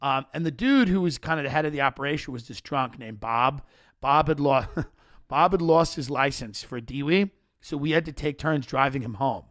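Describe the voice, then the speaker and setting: A man telling comedic stories in a casual podcast chat, animated and rapid-fire, acting out the people in his stories. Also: medium pitch. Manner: animated, rapid-fire rants, acts out characters in quotes. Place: podcast studio.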